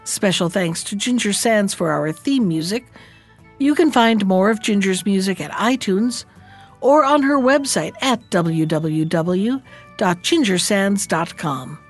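A woman reading a fairy tale aloud as the storyteller of the show, rising high and animated in tense moments. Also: measured pace, faint music behind.

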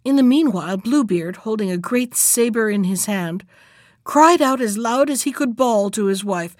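A woman narrating a classic fairy tale as an audiobook, reading in a measured, even way. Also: fairly high pitch, dry recording, clean studio sound.

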